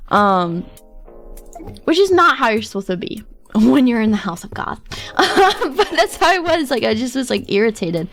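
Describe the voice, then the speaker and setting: A woman streamer tells a long personal story in casual chat, full of quoted asides and frequent laughter. Her fairly high, fairly bright voice swings widely in pitch at a moderate pace, with soft music playing in the background.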